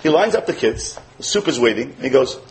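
Animated male religious teacher storytelling. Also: mid-range voice, a little fast, slight background noise, low-quality recording. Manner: animated, acts out quotes, drops to soft tender tones. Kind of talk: storytelling sermon.

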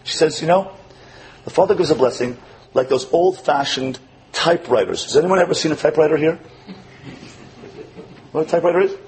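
A man giving a storytelling sermon as a religious teacher, acting out quotes with animation and dropping to soft, tender tones. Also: on the high side, animated, a little fast, long pauses, a little hiss or hum, poor audio.

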